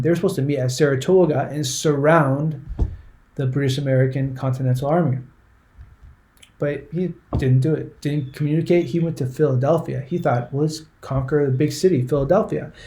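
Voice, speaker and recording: A man's voice: mid-range voice, dark tone. A man giving a conversational history lesson, often restarting words and checking in with the listener. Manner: conversational, repeats words, frequent "right?" checks. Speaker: history teacher. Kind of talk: classroom history lecture.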